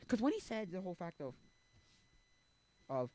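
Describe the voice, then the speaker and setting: Rambling, lively-voiced young man streaming. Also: high-pitched, moderate pace, long pauses. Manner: rambling, musing aloud with many restarts. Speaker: live streamer. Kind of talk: casual chat.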